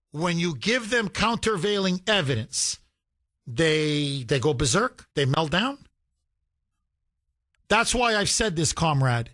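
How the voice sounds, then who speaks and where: A man's voice: fairly high pitch, fairly bright tone, no echo, clean studio sound. A man hosting a call-in talk radio show, talking emphatically with sarcastic jabs. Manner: sarcastic, emphatic, mocking imitations.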